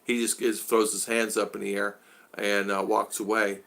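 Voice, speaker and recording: A man's voice: fairly low pitch, flat delivery, normal speed, creaky, a bit bright. A man hosting a casual live-stream vlog, rambling with frequent "uh"s and restarts and greeting viewers in the chat by name.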